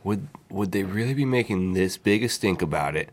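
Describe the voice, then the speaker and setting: Male co-host, quick, low-pitched, wry. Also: lively intonation. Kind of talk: casual tech talk show chat.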